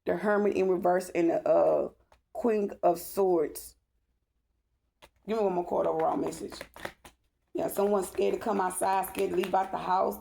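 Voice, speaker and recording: A woman with a gravelly, fry-tinged voice giving a spiritual tarot reading. She talks bluntly, stresses her points hard and checks in with "okay?" again and again. She swears without holding back. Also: fairly low pitch, a little mellow. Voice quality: emphatic, repeats "okay?" often. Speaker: tarot reader.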